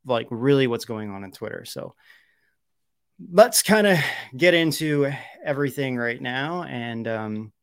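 A man's voice: mid-range voice, expressive, a little slow, a bit bright, clear, resonant tone, no room sound, clean studio sound. A young man hosting a live stream, talking casually and rambling with many fillers and restarts. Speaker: show host.

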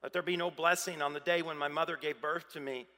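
A weary prophet ready to give up, as a man acts him out in a sermon, lamenting in a plain, conversational tone. The voice is high for a man and bright. A long hall reverb trails behind. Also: steady tone, fast talker. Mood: despairing. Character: weary, discouraged male prophet on the verge of quitting.

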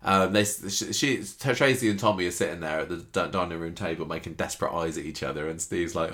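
A man co-hosting a podcast, chatting casually and retelling soap scenes with quick impressions of the characters. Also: sits low, fairly bright tone. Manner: chatty, jokey, recounts scenes in quoted voices. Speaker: podcast co-host. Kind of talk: casual chat recapping a soap.

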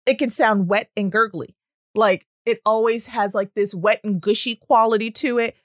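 A woman with a high, bright-pitched voice talks in a chatty, animated way as a speech-language pathologist. She explains things casually and fills her sentences with little fillers. The sound is dry and close, with no room echo. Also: normal speed. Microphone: audio-only recording.

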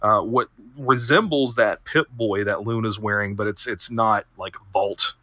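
A man's voice: lowish voice, a little slow, bright, forceful tone, no echo. A man hosting a podcast and narrating as game master, descriptive and full of fillers. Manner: descriptive, many fillers, laughs often.

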